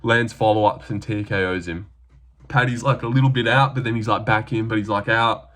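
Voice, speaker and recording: A man's voice: lowish voice, fairly even intonation, brisk, fairly bright tone. A young Australian man talking casually through his fight predictions, rambling with lots of fillers.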